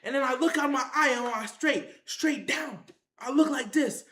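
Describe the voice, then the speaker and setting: A speaker telling a wild story to viewers in casual slang, acting out fights with shouted sound effects and repeated phrases. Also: sits high, normal speed, echoey room. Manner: excited, acts out the action with sound effects and shouts. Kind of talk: animated tall-tale storytelling to viewers.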